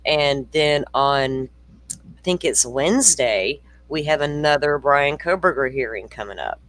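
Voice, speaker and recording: A man's voice: medium pitch, expressive, unhurried, a bit bright, no echo, rough recording. A man hosting a true-crime livestream in loose, rambling casual chat. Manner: loose, rambling, friendly, many fillers. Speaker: livestream host.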